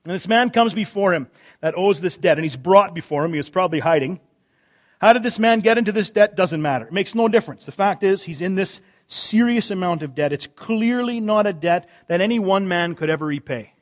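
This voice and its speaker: A man preaching a sermon in a conversational way, asking rhetorical questions and dropping to quiet emphasis on key words. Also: sits high, lively intonation, a little fast. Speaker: pastor.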